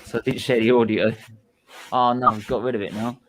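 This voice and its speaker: A man hosting a casual live stream chat, interjecting briskly. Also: medium pitch, level tone, slight background noise. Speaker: stream host.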